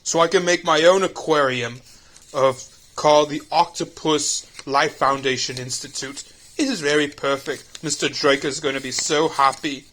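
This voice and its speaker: A man's voice: a little high, fairly even intonation, moderate pace, a bit bright, slight background noise, natural voice. A man voicing Doctor Octopus, a smug mad scientist, in a put-on Irish accent for a fan audio drama. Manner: smug and theatrical. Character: elderly male octopus-themed mad scientist.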